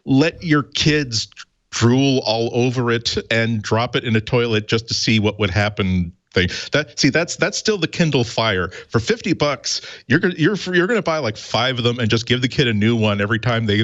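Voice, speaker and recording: A man's voice: medium pitch, a bit bright, dull audio. A man on a tech podcast panel, rambling with frequent restarts. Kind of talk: casual tech chat.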